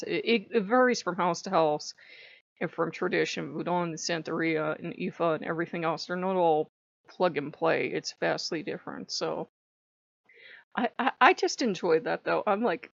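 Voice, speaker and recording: A woman's voice: fairly low pitch, normal speed, creaky, no room sound, dull audio. A woman vlogging in a casual chat, blunt and laughing often as she swears freely, recorded on a camera's built-in mic.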